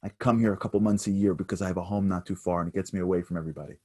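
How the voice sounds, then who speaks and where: A man's voice: low voice, steady tone, racing, dark tone, husky. A man voicing an older male billionaire investor who moves from reassurance to insistent lecturing. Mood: calm.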